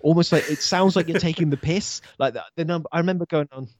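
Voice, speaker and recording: A man's voice: fairly high pitch, fast talker, a little mellow, no echo. A British man in casual chat, hesitant, full of fillers and restarts. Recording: dull dry lo-fi sound.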